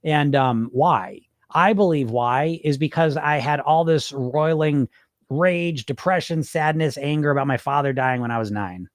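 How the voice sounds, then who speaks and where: A man's voice: fairly high pitch, unhurried, no room sound, clean studio sound. A middle-aged man hosting a live podcast stream, chatting loosely and reading viewer comments aloud with many fillers and restarts. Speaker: podcast host answering live chat. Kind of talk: casual live-stream talk.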